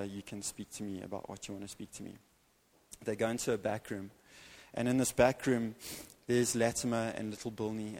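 Speaking on the low side, a man preaches to an evangelical church, recounting a story with animated flair and dramatic pauses.

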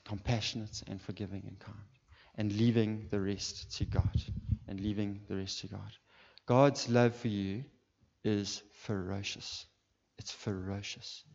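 With a fairly low, slightly mellow voice, a male pastor preaches passionately and rises to fervent calls to those listening. Long hall reverb colors the dull-sounding recording.

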